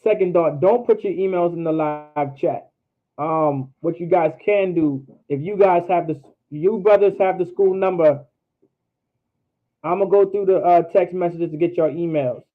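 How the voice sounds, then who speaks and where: A man's voice: a little high, normal speed. A man teaching an online alphabet class in a casual way, repeating and drilling each letter sound aloud. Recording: tinny phone-like line.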